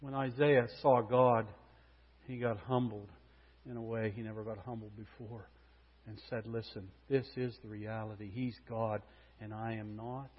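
A man's voice: on the low side, little pitch movement, a little slow. Man preaching dramatically in a reverberant hall. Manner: dramatic, swinging from loud proclamation to hushed intensity. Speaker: pastor. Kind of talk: sermon. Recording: muffled sound with long hall reverb.

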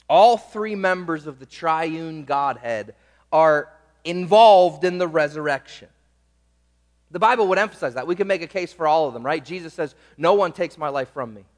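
A man's voice: fairly high pitch, long reverb tail. A man preaching a sermon, emphatic, drawing out key words and checking in with the congregation. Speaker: pastor.

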